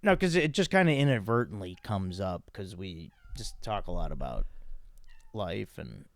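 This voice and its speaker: A man's voice: sits low, very animated, moderate pace, no echo. A man hosting a podcast, chatting casually and rambling with many fillers into a close mic. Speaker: podcast host. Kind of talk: casual comedic chat.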